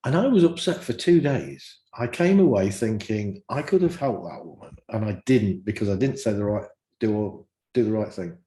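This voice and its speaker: A man, a guest practitioner, telling lively stories in casual chat and acting out the dialogue. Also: on the low side, normal speed, echoey room. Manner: animated, acts out dialogue in stories.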